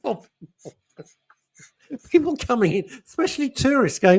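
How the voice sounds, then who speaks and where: A man hosting a chat show, telling anecdotes in an animated way and laughing as he goes. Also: very high-pitched, normal speed. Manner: animated storyteller, laughs often. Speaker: host. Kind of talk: casual chat.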